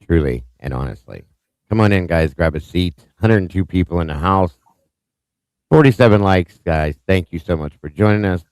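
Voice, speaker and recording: A deep-voiced man hosting a live stream, greeting viewers one by one in a chatty, upbeat way. His voice is smooth and clear, recorded close and dry with no room sound. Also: lively intonation, moderate pace, no room sound. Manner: upbeat, chatty, reads out viewer names warmly with small stumbles. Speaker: host of a live true-crime stream.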